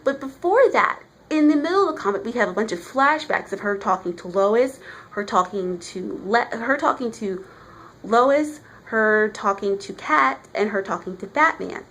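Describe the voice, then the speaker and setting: A woman's voice: on the high side, expressive, normal speed, fairly bright tone. A woman giving a casual, chatty vlog review of a comic book, talking with emphasis.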